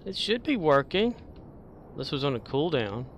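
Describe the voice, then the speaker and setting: A man's voice: a little high, very animated, moderate pace, slight background noise. A man chatting casually while streaming a game, mumbling and chuckling to himself.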